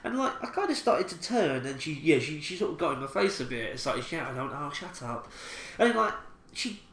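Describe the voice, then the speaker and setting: Quick and very animated, this English podcast co-host in his 20s has a slightly high, fairly bright voice. His casual anecdote rambles, full of laughter and false starts, and the room sounds echoey with faint background noise.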